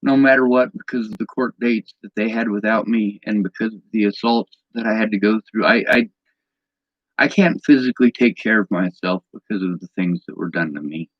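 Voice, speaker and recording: A man's voice: lowish voice, brisk, no echo, dull audio. A man in an angry personal vlog rant, bitter and agitated, swearing often.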